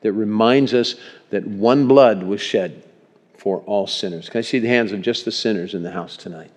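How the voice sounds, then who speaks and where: A male pastor preaching a sermon in a church, animated and chuckling, calling for amens from the congregation. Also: fairly low pitch, normal speed. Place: church sanctuary. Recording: long reverb in a church hall.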